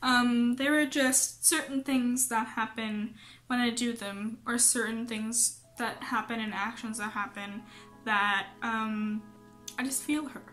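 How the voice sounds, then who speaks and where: A young woman talking casually to camera from her home office, halting with many ums and holding back tears as she speaks. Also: a little high, fairly even intonation, fairly bright tone, faint music behind. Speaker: vlogger.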